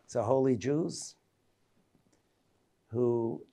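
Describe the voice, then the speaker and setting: A man in his seventies, a rabbi giving a reflective Tisha B'Av lecture, telling personal stories in a halting way. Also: mid-range voice, warm tone. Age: 70s.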